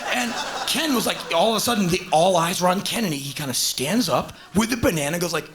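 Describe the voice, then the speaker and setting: On a live stage before an audience, a stand-up comedian in his thirties tells a long, funny story at a quick pace. He's animated, shouting punchlines one moment and muttering low asides the next. The recording is a hissy, low-quality VHS concert tape.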